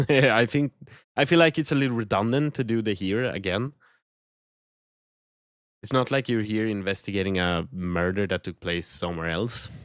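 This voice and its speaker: A man's voice: lowish voice, moderate pace, no echo, studio quality. Giggly man streaming a game. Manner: giggly, chatty asides. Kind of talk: casual let's-play commentary.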